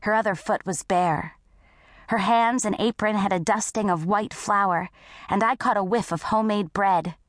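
A woman narrating a first-person audiobook story in a scripted, unhurried way. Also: mid-range voice, no echo, clean studio sound.

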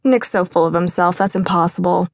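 A woman narrator voicing a lively grown woman from a busy Greek family, brisk and teasing, in an audiobook. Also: fairly low pitch, dry recording, studio quality. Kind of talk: audiobook character voice.

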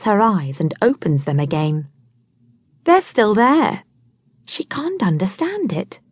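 A woman reading an audiobook in an expressive, measured storytelling manner. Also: medium pitch, breathy edge, no echo. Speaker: audiobook narrator. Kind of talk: scripted audiobook narration.

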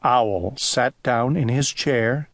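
A man narrating a children's storybook audiobook in a gentle, deliberate storytelling manner. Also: medium pitch, no echo, clean studio sound.

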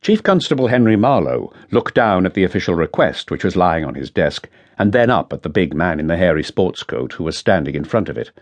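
A man narrating a crime novel audiobook in a dry, measured storytelling manner. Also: low-pitched, sing-song. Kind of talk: scripted narration.

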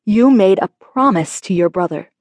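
A stern, loving father, voiced by a woman narrator in an audiobook, scolding his daughter firmly. The voice sits at a middle pitch. The recording is close and dry. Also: animated, moderate pace, darkish tone, no room sound, natural voice. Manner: firm, scolding. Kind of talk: audiobook character voice.

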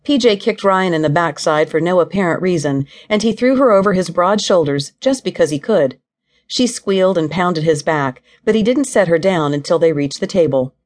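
A woman narrates an audiobook in a low, steady voice. Her storytelling is even and measured, carrying the scene along without hurry. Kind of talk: scripted narration of a novel.

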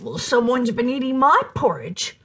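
A woman's voice: fairly high pitch, very animated, moderate pace, breathy edge, heavily acted. A woman voicing a mild mama bear who sounds puzzled and a bit fussy in a storybook.

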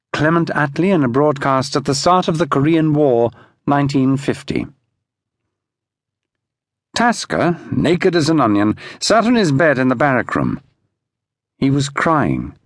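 A man with a fairly high-pitched voice narrates an audiobook, telling the story in a measured, expressive way. There's no room sound.

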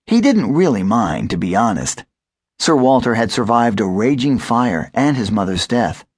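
A man narrating a children's audiobook with expressive storytelling. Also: on the low side, breathy edge, dry recording, clean studio sound.

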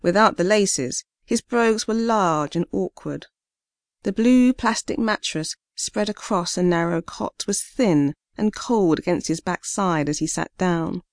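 A woman reading a short story aloud in a steady, measured way as an audiobook narrator. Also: fairly low pitch, no room sound, studio quality.

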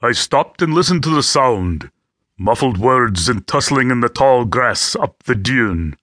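Bright man narrating an audiobook. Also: medium pitch, lively intonation, a little slow, dry recording, studio quality. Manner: gritty and vivid storytelling. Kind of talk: scripted first-person audiobook narration. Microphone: close studio mic.

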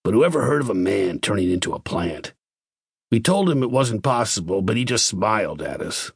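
A man's voice: lowish voice, sing-song, moderate pace, breathy edge, dry recording, clean studio sound, full character voice. A male narrator voicing a good-natured but gloomy base commander, baffled as he reports.

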